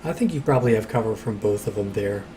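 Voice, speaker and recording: A man's voice: on the low side, lively intonation, fast, dark tone, low-quality recording. A man acting as game master, explaining rulings in an easygoing way as he thinks aloud. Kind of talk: running a tabletop game over recorded play. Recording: clear background noise.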